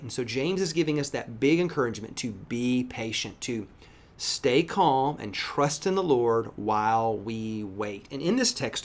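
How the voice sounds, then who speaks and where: A middle-aged pastor giving a devotional teaching, reading scripture and preaching in an emphatic, lively way. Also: male voice, mid-range voice.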